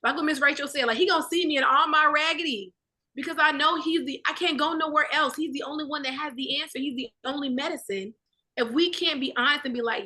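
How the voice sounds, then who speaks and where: Bright, animated woman talking faith. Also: high-pitched, fast talker. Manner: animated, preachy, acts out inner dialogue. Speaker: Bible study participant. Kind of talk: casual faith discussion.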